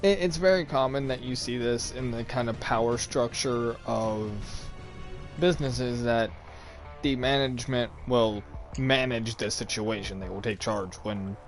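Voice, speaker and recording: A man's voice: mid-range voice, measured pace, soft background music. Man animatedly telling a story. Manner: animated, acts out quoted voices. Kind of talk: casual storytelling chat.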